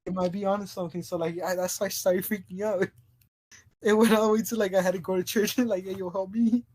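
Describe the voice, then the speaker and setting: A man's voice: sits high, level tone, quick pace, a little mellow. Man, podcast co-host, casual storytelling, rambling, frequent laughter, stumbling restarts.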